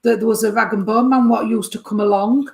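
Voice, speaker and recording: A woman's voice: fairly high pitch, steady tone, fairly quick, creaky. Chatty woman medium. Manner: chatty, warm terms of address, keeps checking with the sitter. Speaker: spiritualist medium. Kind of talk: mediumship reading to a sitter.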